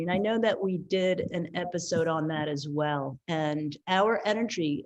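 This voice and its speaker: A woman co-host talking in a reflective, earnest way in casual chat. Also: lowish voice.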